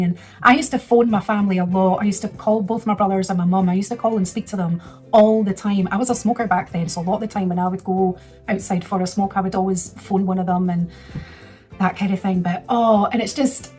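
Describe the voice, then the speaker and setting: A woman in her thirties chats through a personal story, rambling and restarting, getting emotional as she goes. Her voice sits at an ordinary middle pitch. Faint music plays in the background. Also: steady tone, a little fast, a little mellow. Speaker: vlogger. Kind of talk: casual storytelling.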